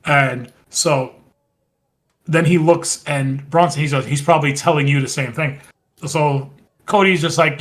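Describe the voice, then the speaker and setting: A man's voice: a little high, a little slow. A man co-hosting a podcast, chatting casually and retelling scenes at a rambling pace with quoted lines. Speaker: podcast co-host. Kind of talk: casual wrestling recap chat.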